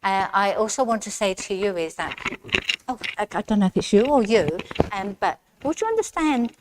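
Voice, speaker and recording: A spiritualist medium gives a chatty demonstration in a village hall, addressing one audience member directly and relaying messages to her. Her mid-range voice has lively intonation at a normal speed, with loud hall noise in the background.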